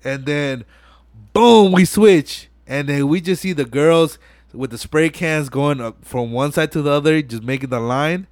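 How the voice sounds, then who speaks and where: A man hosting a podcast, retelling a film scene by scene in animated, slang-heavy, profane casual talk full of fillers. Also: fairly high pitch, unhurried, no room sound, studio quality. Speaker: podcast host. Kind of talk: casual movie recap.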